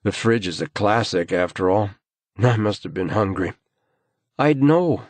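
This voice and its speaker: A man's voice: fairly low pitch, animated, unhurried, no room sound, voice pushed up. A man voicing an irritable, patronizing husband in an audiobook. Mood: dismissive. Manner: patronizing, brushing things off. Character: irritable, dismissive adult husband.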